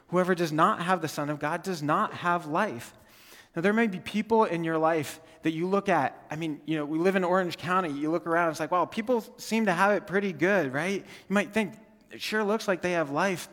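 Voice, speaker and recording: A young adult man preaching in an earnest, conversational way, his voice sitting a little high for a man. He keeps checking in with his listeners and restarts phrases as he goes. A long reverb from the church hall trails behind his words. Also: fairly bright tone. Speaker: guest speaker, campus ministry team leader. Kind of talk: sermon. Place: church sanctuary.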